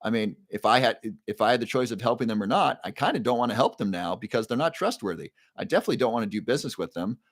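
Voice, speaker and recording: A man's voice: mid-range voice, animated, fast talker, hardly any pauses, no echo. Chatty male livestream host, dry sound. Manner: chatty storyteller, repeats key phrases. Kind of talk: casual livestream monologue.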